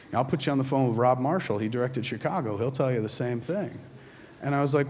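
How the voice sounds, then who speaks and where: A filmmaker telling profane, animated stories live on a theatre stage, mimicking his friends in quick quoted asides. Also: mid-range voice, slight background noise. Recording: reverberant theatre hall, faint ambience.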